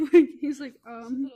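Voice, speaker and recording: A woman's voice: sits high, dark tone, a little hiss or hum. A woman co-hosting a podcast, chiming in with laughing, incredulous remarks. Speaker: podcast co-host. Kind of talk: casual chat.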